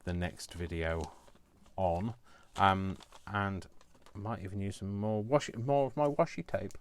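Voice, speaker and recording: A man's voice: low-pitched, fairly even intonation, a little slow, a little hiss or hum. A man in his fifties chatting casually on a live crafting stream from his home kitchen, rambling with playful asides. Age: 50s. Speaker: crafting vlogger.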